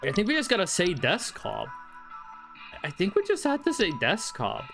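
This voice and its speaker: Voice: medium pitch, huge pitch swings, moderate pace, over music. A streamer casually talking through a game at home, thinking aloud and chatting with the audience.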